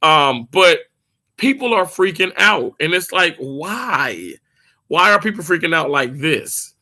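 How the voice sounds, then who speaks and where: A man chatting casually with viewers on a live stream, animated and talkative, laughing easily and often restarting his sentences. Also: fairly high pitch, slow pace.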